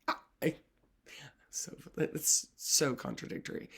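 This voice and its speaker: A woman literacy coach talks straight to her viewers in an earnest, emotional way. Her voice carries a strong gravelly fry, and she often lets her words fall away into a breathy near-whisper. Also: deep voice, normal speed, pauses often. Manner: soft-spoken, often dropping to a whisper. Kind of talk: reflective talk to camera.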